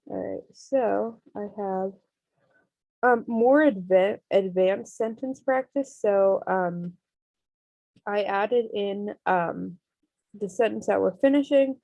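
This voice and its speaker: A woman teaches an online class over a computer mic, walking students through each step with patience and frequent ums. Her voice has a slightly gravelly edge, and the sound is dry and close. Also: mid-range voice, mellow, dry recording, dull audio. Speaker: Spanish teacher.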